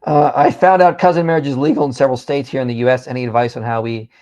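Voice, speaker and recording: A man's voice: medium pitch, steady tone, a little mellow, muffled recording. A man hosting a live stream, reading out viewer comments and replying in casual chat. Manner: reads out viewer comments and answers them quickly. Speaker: host.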